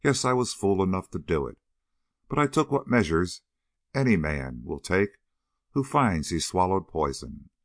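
A man's voice: deep voice, very animated, unhurried, no echo, studio quality, heavily acted. A man reading an audiobook voices a hard, cold-nerved male adventurer who gives curt, cold commands. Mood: snarling.

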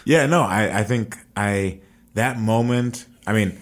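A man with a fairly low voice co-hosting a casual podcast. He talks through his opinions in a thoughtful, analytical way and sometimes mimics the people he describes. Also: slow. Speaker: podcast co-host. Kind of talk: casual chat.

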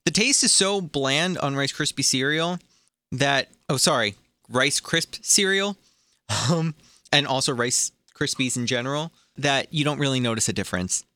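A man's voice: medium pitch, normal speed, bright, forceful tone, dry recording. A man co-hosting a casual cereal review show, joking, teasing and complaining. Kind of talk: casual chat.

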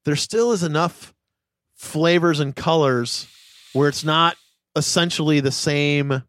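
A man's voice: a little high, a little slow, fairly bright tone, no room sound. Man giving emphatic, opinionated takes. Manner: opinionated and emphatic, swears casually. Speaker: podcast co-host. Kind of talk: casual chat.

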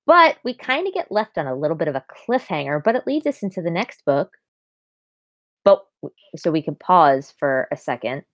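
A young woman talks casually and frankly, offering opinionated views with a wry edge. Her voice is somewhat low for a woman, recorded close and dry. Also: big pitch swings, normal speed, no echo. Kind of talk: casual chat about a book.

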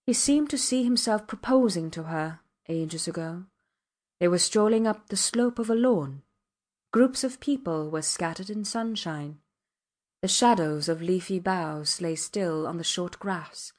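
A woman reading a classic novel aloud as an audiobook narrator, in measured storytelling that rises for the quoted dialogue. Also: lowish voice, a little mellow. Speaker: audiobook reader.

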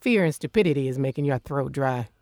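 A woman's voice: very deep voice, animated, a little fast, darkish tone, no echo. An actress playing a suspicious, reclusive woman who gives blunt orders, in an audio drama. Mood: curt. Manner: curt, commanding, dry put-downs.

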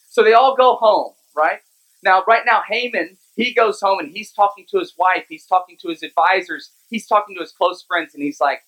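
A pastor delivering a sermon in a relaxed, conversational way. He retells the scripture story in everyday speech, checking in with "right?" as he goes. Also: mid-range voice, normal speed, low-quality recording. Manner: casual, conversational, lively retelling.

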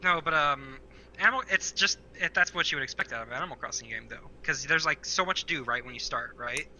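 A man's voice: a little high, fast, sharp tone, a little hiss or hum, low-quality recording. A man co-hosting a podcast in casual chat, rambling with many fillers and restarts. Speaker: podcast co-host.

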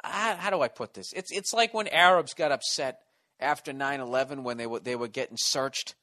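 A man's voice: medium pitch, normal speed, pushed and bright. A man with an East Coast American accent hosting a solo comedy podcast, ranting in a profane, sarcastic, rambling way. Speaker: podcast host.

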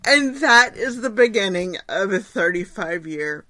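Animated and unhurried, this woman speaks in a mid-range voice that sounds pushed and bright, on a dry recording. She's a podcast host in her forties doing a casual solo show from her home setup, chatty and self-deprecating, laughing often as she responds to questions.

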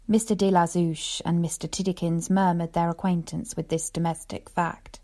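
Narrator: woman, lowish voice, measured storybook reading. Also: level tone, warm tone. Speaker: audiobook narrator. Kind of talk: scripted narration.

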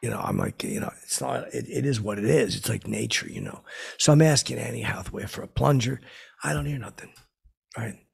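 A man's voice: mid-range voice, very animated, brisk, vocal fry, husky. A middle-aged man hosting a comedy podcast, telling a rambling comic story full of fillers and profanity.

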